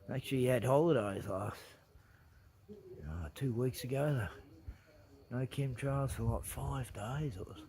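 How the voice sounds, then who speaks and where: Gravelly slow-talking man ranting. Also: mid-range voice, dark tone. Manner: rambling, swearing, unhurried.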